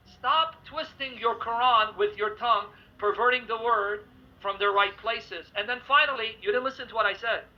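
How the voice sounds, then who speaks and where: A man debating religion heatedly, reading scripture passages aloud with force. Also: very high voice. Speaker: Christian debater. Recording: dull lo-fi audio.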